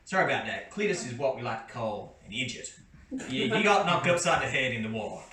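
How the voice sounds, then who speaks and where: A man's voice: medium pitch, very animated, fairly quick, close to an everyday voice. A man voicing a burly, wary male gate guard who talks in a bossy backwoods drawl. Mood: gruff. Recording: roomy far-off mic with background noise.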